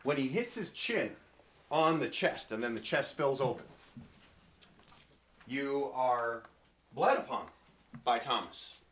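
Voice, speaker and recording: A man's voice: mid-range voice, lively intonation, takes it slowly, long pauses, a bit bright. A man narrating a tabletop role-playing game as game master, telling the story in a hesitant, unscripted way with frequent restarts.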